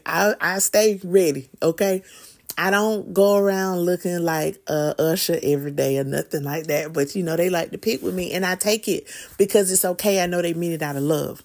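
Chatty middle-aged woman, animated storyteller, podcast host. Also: mid-range voice. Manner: animated, chatty, with Southern slang. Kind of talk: casual storytelling monologue.

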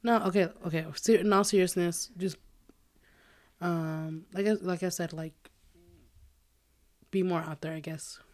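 A woman's voice: on the low side, fairly even intonation, measured pace, long pauses. A woman co-hosting a podcast in casual chat, blunt and teasing, swearing freely, a bit tipsy. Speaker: podcast co-host.

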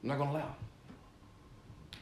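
A man preaching a sermon, rambling through anecdotes and then rising to loud exhortation. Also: unhurried. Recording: echoey room, distant mic, faint noise.

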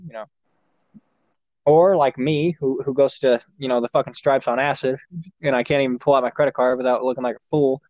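A man's voice: medium pitch, darkish tone, no room sound, lo-fi sound. A young man chatting casually, telling a long rambling story with lots of swearing and fillers. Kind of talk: casual chat.

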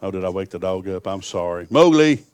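A man's voice: deep voice, monotone, quick pace, darkish tone, slight background noise. A middle-aged man preaching a sermon, telling folksy stories that swell into fervent appeals.

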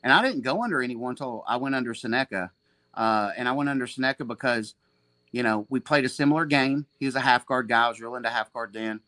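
A man's voice: mid-range voice, fast talker, sharp tone, no echo. A man in his forties, a jiu-jitsu black belt and gym owner, telling stories as a guest in a casual chat. He rambles and swears, often restarting his sentences. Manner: rambling, profane, frequent restarts and laughter.

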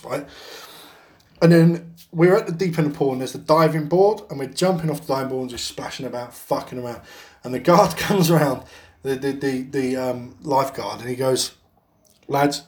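A man's voice: medium pitch, darkish tone. A man co-hosting a podcast, telling a rambling anecdote in casual chat, swearing constantly and laughing as he goes. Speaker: podcast co-host.

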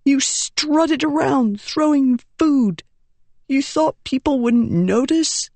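A narrator voicing a badly injured young boy who whispers and hisses bitter accusations in a weak, high voice. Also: takes it slowly, darkish tone, dry recording. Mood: bitter accusing. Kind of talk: audiobook character voice.

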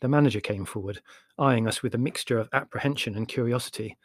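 A man reads a humorous memoir aloud at a measured pace, with a mid-pitched voice. The delivery is wry and even. The recording is close and completely dry. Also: no room sound. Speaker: audiobook narrator. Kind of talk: scripted narration.

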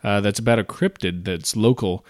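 A man's voice: lowish voice, normal speed, no room sound, studio quality. A man co-hosting a podcast, chatting casually and loosely, trading puns and jokes. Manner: joking, loose, pun-telling. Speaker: podcast co-host.

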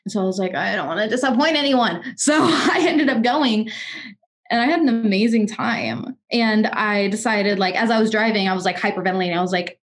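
A woman's voice: medium pitch, fairly quick. A woman in her twenties in casual podcast chat, telling personal stories candidly and often restarting her sentences. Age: 20s.

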